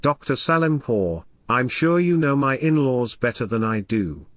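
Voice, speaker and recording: A worn-out young mother of three, her words heavy with sarcasm and fatigue, voiced by a male audiobook reader. The delivery sits a touch lower and softer than the narration, while still moving around in pitch. The sound is dry and close, with no room around it. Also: big pitch swings, measured pace, no echo. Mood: bitter. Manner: weary and sarcastic. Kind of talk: audiobook dialogue reading.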